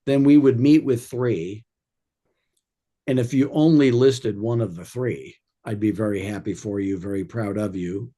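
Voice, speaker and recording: A man with a low, mellow, slightly husky voice gives an informal sales training talk. He rambles through anecdotes and drops wry jokes along the way. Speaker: real estate sales coach.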